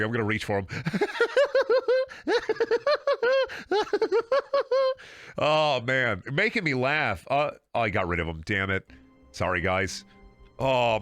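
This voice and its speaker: Medium-pitched, pushed and bright, a streamer delivers casual game commentary in clean studio sound with no room sound. He is sarcastic and profane, wanders off topic, laughs constantly, and repeats words.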